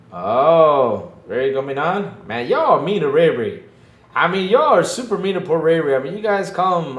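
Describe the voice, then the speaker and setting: A man with a fairly high voice hosts a casual livestream podcast in an echoey room, bantering with the chat. He's playful and self-mocking, putting on a mock-whiny hurt act and laughing often.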